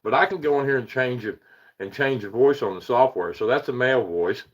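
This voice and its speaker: Animated and a little fast, a medium-pitched man hosts an easygoing paranormal livestream. He comes from the Eastern United States and rambles on, laughing at himself often and greeting people in the chat by name.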